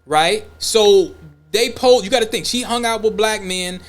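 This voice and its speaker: A man's voice: high voice, a little slow. A man co-hosting a podcast in casual opinion talk, blunt and profane, acting out imagined dialogues as he goes. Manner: animated, acts out imagined dialogues. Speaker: podcast co-host.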